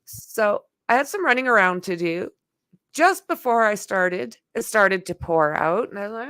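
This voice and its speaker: A woman's voice: medium pitch, moderate pace, clear, resonant tone, dry recording, clean studio sound. A middle-aged woman hosting a casual livestream chat, telling stories with lots of exclamations. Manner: animated storyteller, exclaims often. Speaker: host.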